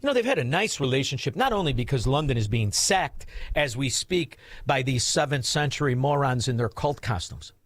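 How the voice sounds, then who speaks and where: Sarcastic male radio host, rants and mutters, animated delivery, dry booth sound. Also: brisk, hardly any pauses, no echo. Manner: insulting, sarcastic, swings from low mutters to loud outbursts. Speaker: radio talk show host. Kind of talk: mocking commentary over news clips.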